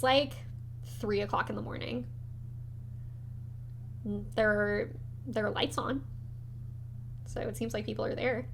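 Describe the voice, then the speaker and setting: A woman with a fairly high voice runs a tabletop game, telling the action with animated, lively narration. A faint hum sits behind her. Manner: animated storytelling, swearing. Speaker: game master.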